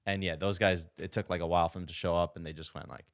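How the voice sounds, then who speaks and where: A man's voice: low-pitched, fairly even intonation, quick pace, vocal fry. A young man co-hosting a casual podcast, laid-back, dropping dry one-liners between stories. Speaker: podcast co-host. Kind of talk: casual chat.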